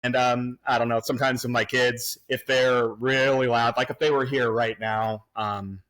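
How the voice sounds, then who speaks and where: A man in his thirties from the Pacific Northwest, a podcast guest recorded remotely, reminiscing in a relaxed way with plenty of fillers and restarts. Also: medium pitch, moderate pace. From Pacific Northwest, USA. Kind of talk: casual remote podcast chat. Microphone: remote recording, podcast mic.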